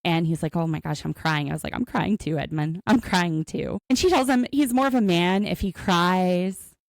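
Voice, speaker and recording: Her voice sits on the low side and is creaky, moving at a moderate pace. She's a podcast co-host recapping a reality show casually, bringing the story to life by acting out the cast's quotes. The recording is dry.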